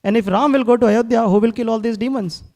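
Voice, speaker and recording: A man's voice: very high voice, fast, darkish tone. A man giving a devotional sermon, telling scripture stories and acting out the quotes earnestly. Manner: earnest, repeats words, acts out quotes. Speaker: speaker at a temple class.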